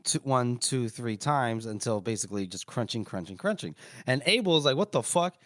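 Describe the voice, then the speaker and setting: A man's voice: mid-range voice, animated, normal speed, fairly bright tone, no room sound, clean studio sound. A man casually retelling a story on a podcast in a loose, rambling way, with crude swearing. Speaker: podcast co-host recapping chapters.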